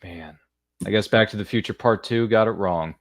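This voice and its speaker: A man's voice: on the low side, moderate pace, no echo, studio quality. A man hosting a casual podcast interview, reading sponsor spots in a folksy, upbeat way with rambling asides. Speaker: podcast host.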